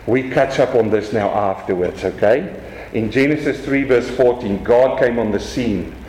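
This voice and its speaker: A man with a South African accent preaching a lively sermon from the pulpit. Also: medium pitch, normal speed, reverberant, a little hiss or hum, poor audio. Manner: animated preaching, swings from quiet to raised. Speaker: pastor.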